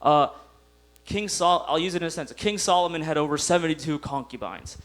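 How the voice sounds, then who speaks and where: Young male stand-up comic, high voice, giggles at his own punchlines, acts out little scenes. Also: fairly quick, a bit bright. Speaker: stand-up comedian. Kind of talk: stand-up comedy set. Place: comedy club stage.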